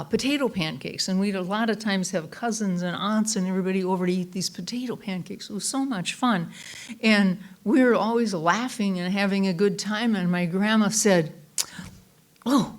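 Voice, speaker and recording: A woman reverend giving a Sunday talk sermon, telling folksy personal anecdotes in a chatty way with frequent fillers and restarts. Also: mid-range voice.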